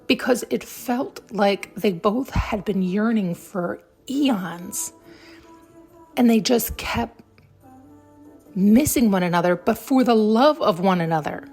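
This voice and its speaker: A woman podcast host talks in a shaken, emotional ramble, close to tears and cursing now and then. Her voice sits at an ordinary pitch, and faint music plays underneath. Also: lively intonation, slow pace, darkish tone, breathy edge. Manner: emotional, rambling, swears casually. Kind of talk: intuitive reflection.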